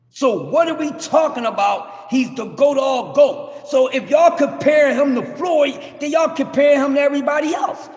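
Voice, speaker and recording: A man, hosting a livestream and ranting in brash, cursing trash talk that rises to shouts. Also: very high-pitched. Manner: loud, rising to shouts. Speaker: livestream host. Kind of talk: heated livestream rant. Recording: echoey room with long reverb.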